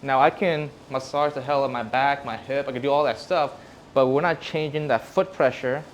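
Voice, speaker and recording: A man's voice: medium pitch, fairly even intonation, fairly quick, slight background noise. A man, a physical therapist, presenting casually to a live audience in a room and acting out examples as he explains. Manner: casual, conversational, acts out examples.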